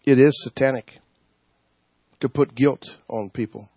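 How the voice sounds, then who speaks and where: A man leading a Bible study, preaching informally in an animated way, laughing and acting out quotes. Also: medium pitch, measured pace, slightly rough, dry recording. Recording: dull, muffled sound.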